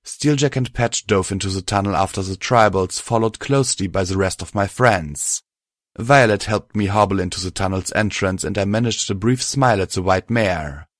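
Male narrator, low-pitched, measured, first-person fiction reading. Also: no room sound, clean studio sound.

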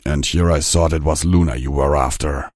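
A man's voice: rumbling low, fairly even intonation, normal speed, darkish tone, no room sound. A man voicing a weary, defiant old male pony demigod who speaks in a dry manner.

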